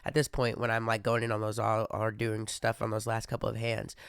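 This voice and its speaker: A man's voice: lowish voice, completely flat delivery, brisk, gravelly, smooth, no room sound, studio quality. A young man hosting a casual monologue, rambling with many fillers and restarts. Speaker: podcast host.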